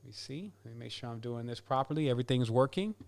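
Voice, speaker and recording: A man's voice: medium pitch, expressive, fast, vocal fry. A man hosting a podcast, casually announcing giveaway winners and counting prizes aloud in an upbeat way. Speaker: podcast host.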